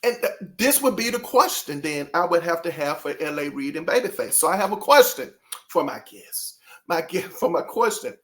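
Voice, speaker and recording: A man's voice: a little high, sing-song, normal speed, a bit bright. A man hosting his own channel, talking casually and rambling to his viewers, throwing out rhetorical questions. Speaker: channel host.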